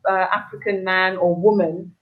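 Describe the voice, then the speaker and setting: A woman's voice: mid-range voice, flat delivery, moderate pace, narrow, tinny audio. A woman from the UK, a guest in a casual chat, reflective and earnest, who repeats words as she thinks.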